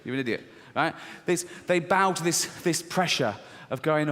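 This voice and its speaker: A man's voice: a little high, moderate pace, a bit bright. Man, British accent, stand-up comedian, blunt, brash, short of breath, lingering hall reverb. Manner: blunt, brash, laughing at his own jokes. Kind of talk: stand-up routine. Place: large theatre stage. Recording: stage mic with hall reverb.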